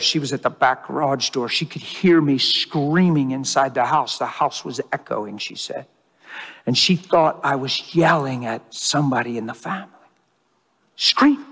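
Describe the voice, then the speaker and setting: A man delivers a sermon in a fairly high voice, stressing his points by repeating phrases. His words ring out with a long reverb that suggests a large hall. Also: a bit bright, slightly rough. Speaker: preacher.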